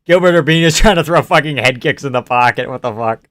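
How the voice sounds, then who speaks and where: A man streaming live reactions to a fight, talking casually with lots of swearing and bursting into shouted groans. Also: medium pitch, fast talker. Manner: profane and excitable, breaking into shouted groans.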